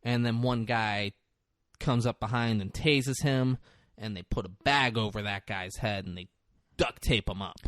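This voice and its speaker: A man co-hosting a podcast, casually retelling a film's scenes with animated delivery. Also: lowish voice, unhurried, no echo, clean studio sound. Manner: animated retelling with lively acted-out quotes. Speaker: podcast co-host recapping a film. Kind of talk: casual chat.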